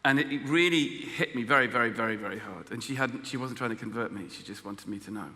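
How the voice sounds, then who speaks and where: Englishman, testimony talk, humorous and halting, bright tone, long hall reverb. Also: medium pitch. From England. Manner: storytelling, self-deprecating humor, halting restarts. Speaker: guest speaker.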